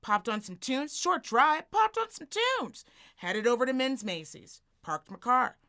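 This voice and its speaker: A woman co-hosting a podcast, telling a story as a profane, animated rant and acting out the people in it. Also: sits high, a little slow. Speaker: podcast co-host.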